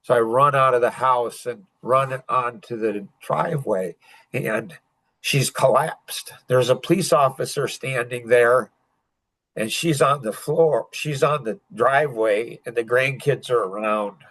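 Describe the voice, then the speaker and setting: An older man telling a painful personal story as a podcast guest, halting and full of restarts. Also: medium pitch, a bit bright, no echo, poor audio. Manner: halting, emotional retelling with many restarts.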